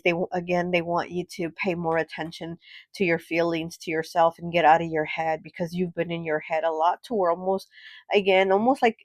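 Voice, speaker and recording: A woman's voice: fairly low pitch, dry recording. Nasal, congested woman reading tarot. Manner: gentle, reassuring, frequent fillers and check-ins. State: congested from a cold. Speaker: tarot reader. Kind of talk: pick-a-card tarot reading.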